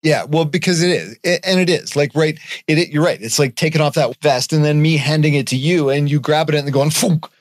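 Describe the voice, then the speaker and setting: A man's voice: fairly high pitch, fairly quick, few pauses, no room sound. Earnest man in casual talk, dry sound. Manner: earnest, animated, swears casually. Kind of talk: casual conversation.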